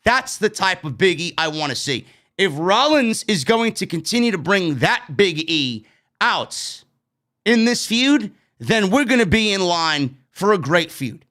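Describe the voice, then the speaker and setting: His voice sits high and sharp, swinging widely in pitch at a slightly slow pace. This New York man gives a blunt, profane take on a wrestling show, clearly fed up with the parts he dislikes.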